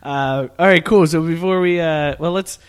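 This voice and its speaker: A man's voice: fairly high pitch, moderate pace, clean tone. A man co-hosting a podcast in casual chat, laid-back, laughing often and swearing freely. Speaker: podcast co-host.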